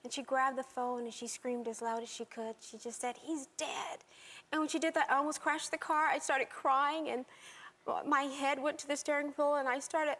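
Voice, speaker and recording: A woman telling a painful memory in an interview, halting and restarting as she speaks. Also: sits high, steady tone, a bit bright. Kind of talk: emotional recollection in an interview.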